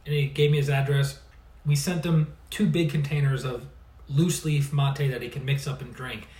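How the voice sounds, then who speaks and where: A man's voice: mid-range voice, fairly even intonation, normal speed, a little mellow. Chatty man, roomy distant sound. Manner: chatty, laughs often, restarts phrases. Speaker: energy healer and coach. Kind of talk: casual livestream storytelling.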